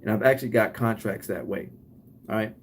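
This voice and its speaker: A man's voice: lowish voice, a little fast, a little hiss or hum. A man with a Detroit accent who runs a cleaning business, giving casual advice to viewers and often ending points with "right?". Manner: acts out both sides of short scenes.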